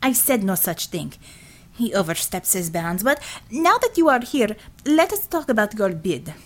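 Stern Russian woman commissar, read by a female narrator: blunt, proud, clipped and article-free, lively pitch. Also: normal speed. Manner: clipped, drops articles, formal. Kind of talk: audiobook character voice.

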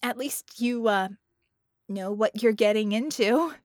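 Audiobook figure: narrator reading as an earnest young heroine, close dry recording. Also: female voice, a little high, unhurried, a little mellow, no echo, close to an everyday voice. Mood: urgent.

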